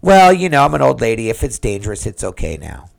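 A man's voice: mid-range voice, very animated, fast, gravelly. A middle-aged man quoting his anxious old mother, speaking in a fretful, insistent way.

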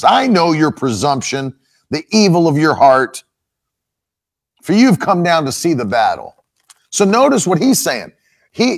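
Emphatic male preacher with gravelly voice. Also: a little high. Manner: emphatic, slows down to stress points. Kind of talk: expository sermon.

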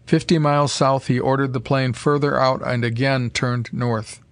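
A man narrating an old adventure story in a steady, measured reading voice. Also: mid-range voice, no room sound. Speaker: audiobook narrator. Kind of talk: scripted narration.

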